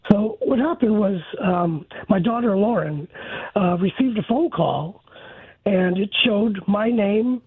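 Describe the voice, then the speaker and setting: A man calling in to a radio show, telling a frightening story in a halting way over the phone. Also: sits high, lively intonation, breathy edge, dry recording. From San Francisco area. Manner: halting, many fillers and restarts. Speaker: caller. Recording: tinny phone line.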